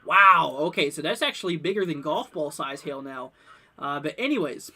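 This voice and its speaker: A young man hosting a live weather stream, rambling with many fillers and bursts of excitement. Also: fairly high pitch, moderate pace. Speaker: livestream weather host. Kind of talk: casual live weather commentary.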